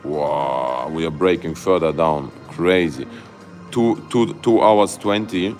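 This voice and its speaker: Low-voiced man streaming live chart commentary. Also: slow pace, faint music behind. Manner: excitable, loose grammar, many fillers and "guys". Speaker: crypto livestream host.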